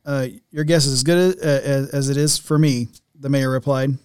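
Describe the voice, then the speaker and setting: A man's voice: mid-range voice, steady tone, moderate pace, a little mellow, clean tone, no room sound, clean studio sound. A man hosting a podcast, telling a family story in a loose, rambling way with many restarts and laughs. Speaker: podcast host. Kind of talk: casual chat and news reading.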